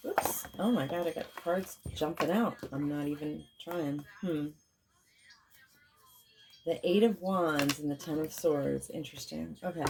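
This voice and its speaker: A woman spiritual healer and tarot reader leading a guided meditation and chanting prayers in a slow, soothing, invocational way. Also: low voice, gravelly, noisy background. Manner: repetitive chanting, sometimes tearful.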